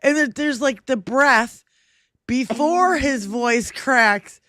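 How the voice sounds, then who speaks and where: A woman's voice: sits high, slow, pushed and bright, no room sound, studio quality. A woman co-hosting a livestream chat in a loose, profane, giggly way. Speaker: livestream co-host. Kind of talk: casual chat.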